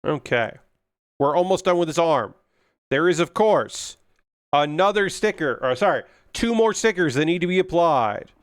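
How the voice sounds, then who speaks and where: A man's voice: on the high side, animated, normal speed, clean tone, no echo, studio quality. A young man chatting casually on a livestream while building a model kit, ranting with frequent swearing and filler words. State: yawning.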